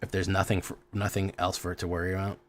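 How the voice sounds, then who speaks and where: Chatty male streamer, lowish voice. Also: flat delivery, fast, a little hiss or hum. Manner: loose and chatty, greets viewers by name, mutters at his camera. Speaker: streamer host. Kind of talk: casual live-stream chat with viewers.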